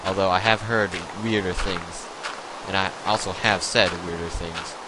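A man's voice: low voice, steady tone, normal speed, very noisy. A young man rambling through jokey tangents while playing a video game. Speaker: gaming video host. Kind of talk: rambling let's play commentary.

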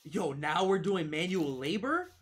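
A man's voice: high-pitched, big pitch swings, unhurried, fairly bright tone. A young man giving sarcastic, joking gameplay commentary, putting on a mock British accent and swearing. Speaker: streamer.

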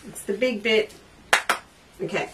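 A woman's voice: mid-range voice, measured pace. A woman hosting a live crafting demonstration, chatting with viewers and reading their comments aloud as she works. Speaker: quilting shop host. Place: craft studio indoors. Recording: distant mic with faint noise.

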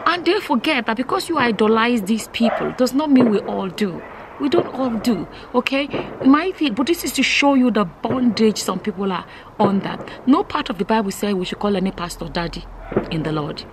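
A woman from Nigeria speaks to her camera in a casual opinion vlog. Her voice sits a little high. She sounds exasperated and incredulous, stressing her words as she goes. A faint hum of ambience runs under the recording. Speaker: vlogger.

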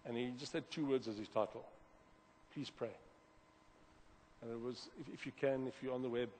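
Pastor preaching in a hall. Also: male voice, mid-range voice, moderate pace, a little hiss or hum. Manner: animated, repeats words, swings from loud to quiet. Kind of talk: sermon. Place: church hall. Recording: long hall reverb.

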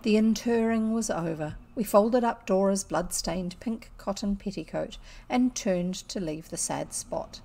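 A woman with a New Zealand accent reads a classic children's story aloud. Her narration is expressive and measured, at a middle pitch. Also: gravelly. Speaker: audiobook reader.

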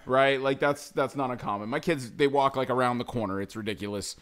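A man's voice: medium pitch, a little fast, a bit bright, clear, resonant tone. A man in his forties, a podcast host, telling a story in casual chat, laughing often and swearing freely.

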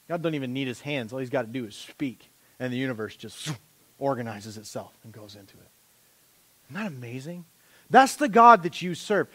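A man preaching a sermon as pastor, animated and conversational, joking with a volunteer on a church stage. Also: mid-range voice. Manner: animated, rising to loud impassioned preaching.

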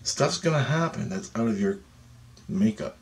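Speaking at a moderate pace in a voice on the low side, a man leads a guided meditation. He's insistent and profane, constantly tacking on "okay?", and his energy and volume build as he continues.

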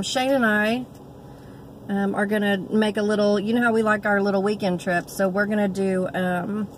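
Filming herself in a car with the phone at arm's length, a thirty-something vlogger with a drawl chats heartfeltly to viewers, often hesitating on fillers and restarting. Her voice is mid-range and a bit bright; the low-quality recording carries faint vehicle noise.

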